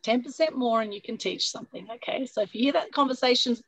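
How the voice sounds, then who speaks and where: A woman with a husky voice hosting an online meetup, energetic and coaxing, often adding "right?" over a video call. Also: a little high, quick pace, rough recording. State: husky from a recent flu. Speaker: meetup host. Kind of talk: upbeat motivational talk on a video call.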